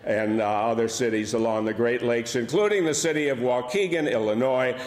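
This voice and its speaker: An older comedian from Buffalo, New York, with a Buffalo accent, tells wry, humorous stories with dry punchlines. His voice is medium in pitch and moderately paced. He performs in a large church hall, and the echoey recording has long reverb.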